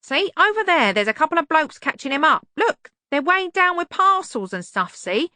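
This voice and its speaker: A woman voicing a cranky, fretful old male servant who complains in a high squawk. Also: sing-song, normal speed, pushed and bright, no room sound, exaggerated voice.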